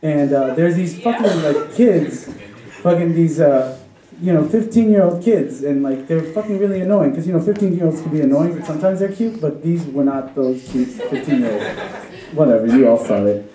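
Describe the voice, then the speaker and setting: A man's voice: a little high, normal speed, mellow. A young man from Chicago telling a story at a live story slam, rambling and profane, laughing as he goes. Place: live venue with an audience. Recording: roomy live recording from far off.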